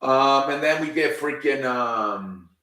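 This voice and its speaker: A man's voice: medium pitch, takes it slowly, sharp tone. A man casually recapping a wrestling show on his own, rambling, with lots of ums and casual swearing. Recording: echoey room, distant mic.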